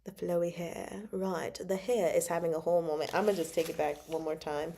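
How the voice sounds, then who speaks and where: A woman's voice: on the low side, fairly even intonation, brisk, vocal fry, few pauses, dark tone. A young adult woman hosting a casual book chat, playful and laughing often as she reacts to a novel. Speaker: book club host reading and reacting.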